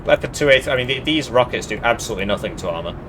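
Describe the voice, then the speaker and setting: A man's voice: mid-range voice, lively intonation, racing, background noise. A man casually commenting on a strategy game match, thinking aloud and drifting into side tangents.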